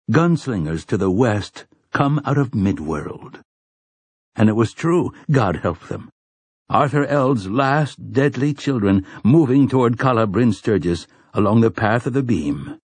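Slow, breathy man narrating a story. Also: medium pitch, a little mellow, no echo. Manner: deliberate storytelling. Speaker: audiobook narrator. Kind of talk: scripted narration.

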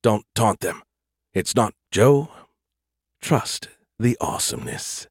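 Husky, dry-voiced man narrating an audiobook. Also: fairly low pitch, no echo. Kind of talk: first-person audiobook narration.

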